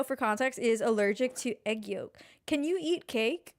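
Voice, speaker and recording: A woman's voice: on the high side, lively intonation, normal speed. A woman co-hosting a podcast, chatting in a playful, crude and teasing way. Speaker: podcast co-host. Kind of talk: casual podcast chat.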